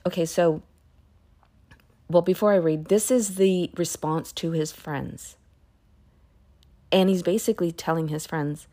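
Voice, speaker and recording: Woman, low mellow voice, casual Bible reading and commentary, chatty, whispered asides. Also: fairly even intonation, measured pace, pauses often. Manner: chatty, reads scripture aloud then muses, drops to whispered asides.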